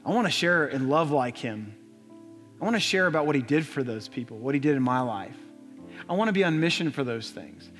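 A man's voice: mid-range voice, animated, fairly quick. A young adult man preaching a sermon in a church, telling a story with earnest repetition. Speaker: pastor. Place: church sanctuary. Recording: long church reverb, soft music.

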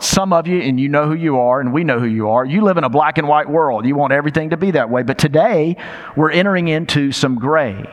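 A man's voice: fairly high pitch, brisk, highs cut off. An older man preaching a sermon, emphatic and conversational, with rhetorical questions and repetition. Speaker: pastor. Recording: long reverb of a large hall.

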